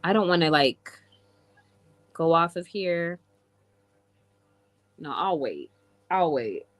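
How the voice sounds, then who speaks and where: Low-voiced woman chatting on a livestream. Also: lively intonation, slow pace. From England. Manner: chatty, answers viewer comments. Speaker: live streamer. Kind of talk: casual livestream chat.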